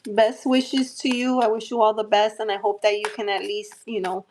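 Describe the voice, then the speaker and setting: A woman from New Jersey with a light accent, talking gently and reassuringly with many fillers while hosting a live tarot stream. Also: medium pitch, little pitch movement, normal speed, a little hiss or hum. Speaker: tarot reader hosting a livestream. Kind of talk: live-stream chat and readings.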